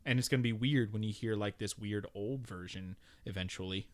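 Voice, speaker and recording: A man co-hosting a casual podcast, arguing his points opinionatedly with quick asides. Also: on the low side. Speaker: podcast co-host.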